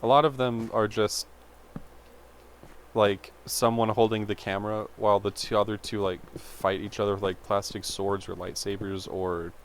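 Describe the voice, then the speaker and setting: A young man with a fairly low voice tells a meandering childhood story in a chatty, self-interrupting way, filling it with "like" and side tangents. Faint room ambience sits behind him. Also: flat delivery, moderate pace, a little hiss or hum. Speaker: vlogger. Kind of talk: rambling personal storytelling.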